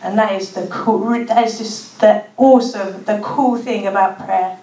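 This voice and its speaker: A woman's voice: medium pitch, steady tone, measured pace, mellow. Brummie woman preaching in an echoey room. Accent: Birmingham. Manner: chatty, informal, with frequent "like" and restarts. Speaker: speaker at a church gathering. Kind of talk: conversational talk on prayer. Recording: echoey room, mic at a distance.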